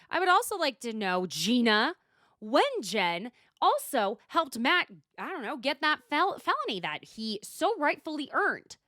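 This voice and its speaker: Brief: woman podcast host, higher voice, swings up and down a lot, blunt and sweary, dry close sound. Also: sing-song, a little slow, sharp tone, no echo. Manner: blunt, profane and exasperated, talking straight to the people she discusses. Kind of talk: casual solo recap chat.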